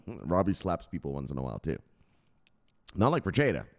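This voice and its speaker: A man's voice: low voice, a little fast, vocal fry. A man hosting a crypto news livestream, chatting casually, joking, swearing and greeting viewers by name. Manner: animated, profane, joking, greets chat by name.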